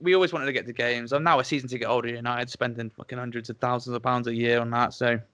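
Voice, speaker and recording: Very fast and steady in tone, his mid-range voice sounds sharp, clear and resonant, with no room sound. He is a twenty-something podcast host from Dorset, England, with a Dorset English accent, chatting casually and swearing without restraint.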